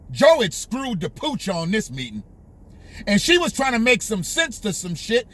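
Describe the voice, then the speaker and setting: Male commentary host, very high and bright, heated profane rant. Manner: heated, profane, emphatic, repetitive.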